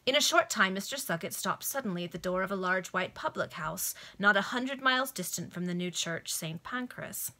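A woman's voice: medium pitch, lively intonation, moderate pace, few pauses, bright, forceful tone. A woman reading a novel aloud to friends over a video call, narrating expressively with light amusement. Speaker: reader.

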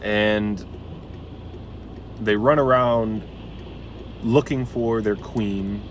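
Rambling low-voiced man by traffic. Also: steady tone, very slow. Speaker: video essay host. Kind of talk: rambling casual commentary. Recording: outdoor traffic noise. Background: passing cars.

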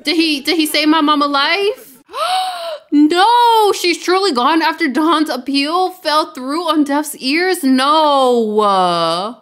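A woman hosting a let's play, giving casual, excitable game commentary and laughing often. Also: high voice, slow, few pauses.

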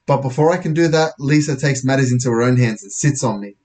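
A man's voice: medium pitch, quick pace, few pauses, darkish tone. Man reading a comic first-person story. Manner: casual, self-correcting, wry. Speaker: audiobook narrator.

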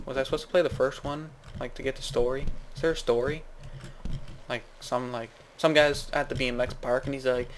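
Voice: mid-range voice, steady tone, fairly quick, a little hiss or hum. A gaming video host giving goofy, rambling let's-play commentary, saying "like" a lot and jumping to sudden yelps. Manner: jumps to yelps and squeals.

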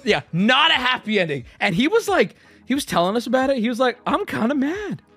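A man's voice: extremely high pitch, very animated, fast talker, sharp tone, faint music behind. A male streamer hosting his show and telling a story in casual, profane style, laughing often as he talks. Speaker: streamer host.

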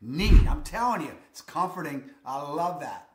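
A man's voice: on the high side, very animated, normal speed, noisy background. Brief: male real estate vlogger, emphatic and upbeat, roomy echo. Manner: enthusiastic, emphatic, repeats "I'm telling you". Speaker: real estate video host. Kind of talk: energetic real estate vlog.

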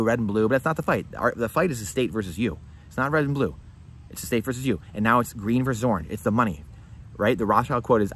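Fast-talking emphatic male vlogger. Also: mid-range voice, slight background noise. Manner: emphatic, repetitive, rhetorical questions. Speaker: finance vlogger. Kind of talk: direct-to-camera commentary.

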